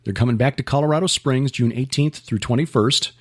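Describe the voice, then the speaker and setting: Male podcast host, mid-pitched, unhurried, chatty with plenty of ums. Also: breathy edge. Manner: relaxed, many fillers and restarts, lists events. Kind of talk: casual chat.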